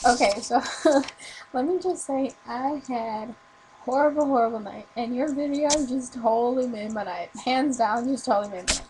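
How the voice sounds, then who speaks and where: Teen girl, rambling webcam ghost story, full of fillers, slightly high voice, faint hum. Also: a little mellow, poor audio. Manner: rambling, filler-heavy ghost story with quick self-corrections. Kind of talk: casual video reply storytelling. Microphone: webcam mic.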